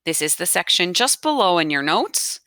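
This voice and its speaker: A woman's voice: on the low side, sing-song, moderate pace, pushed and bright, no echo, clean studio sound. A woman teaching a grammar lesson step by step, patiently explaining aloud as she marks up her notes. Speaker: Spanish teacher.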